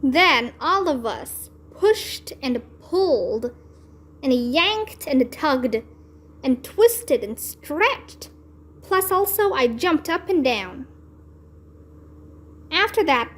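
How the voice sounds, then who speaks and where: Slow, expressive woman reading a kids' book. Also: high voice. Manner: expressive, deliberate storytelling. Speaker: read-aloud channel host. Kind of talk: children's book read-aloud narration.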